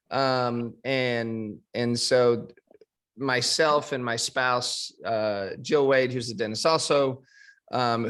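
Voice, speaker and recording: A man, a dentist guest in an interview, speaking in a measured way with frequent pauses. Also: mid-range voice, a bit bright. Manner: measured, with many fillers and restarts.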